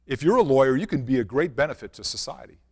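A male pastor preaching a sermon built around a personal story, swinging from loud, animated passages to hushed, quiet ones. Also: medium pitch, fast talker. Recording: long reverb of a large hall.

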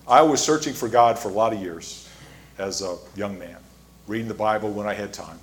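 This pastor's voice is fairly low as he delivers his sermon. Telling a story full of fillers and restarts, he raises his volume whenever he acts out scenes again.

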